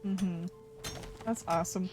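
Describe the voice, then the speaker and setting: A woman's voice: fairly low pitch, steady tone, takes it slowly, darkish tone, soft background music. A woman streaming a game live, chatting casually with a friend and laughing often. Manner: laughs often, playful teasing. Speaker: Twitch streamer. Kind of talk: casual gaming stream chat.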